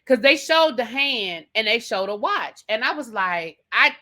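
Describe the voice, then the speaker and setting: A woman with a bright, forceful voice gives a casual recap of a TV episode. She talks chattily and dramatically, as if sharing gossip. She often calls the listener "baby". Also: on the high side, animated, a little slow. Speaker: TV review host.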